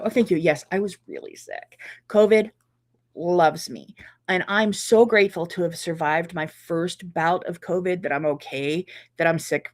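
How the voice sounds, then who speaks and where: A middle-aged woman hosting a casual live chat, reading viewer comments and reacting warmly and chattily. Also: on the low side, moderate pace. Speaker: quilting channel host.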